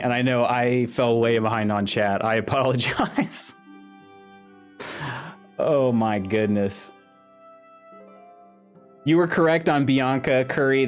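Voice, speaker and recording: A male game streamer giving casual commentary during a live stream, constantly laughing and exclaiming. He reads chat messages aloud in a mid-pitched voice, with faint music playing under him. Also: unhurried, long pauses.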